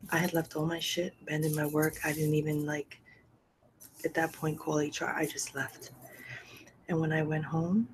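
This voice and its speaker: A middle-aged woman hosting a podcast, telling a personal story candidly and emotionally, often sinking to a soft, breathy near-whisper. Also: low-pitched, level tone, normal speed, slight background noise, rough recording. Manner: repeats phrases for emphasis, swears freely. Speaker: podcast host.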